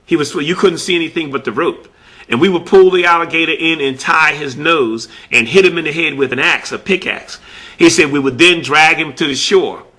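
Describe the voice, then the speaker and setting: A man's voice: on the high side, normal speed, sharp tone. A man telling a story about a conversation he had while collecting artifacts, repeating "he said" as he retells it. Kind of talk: spoken storytelling.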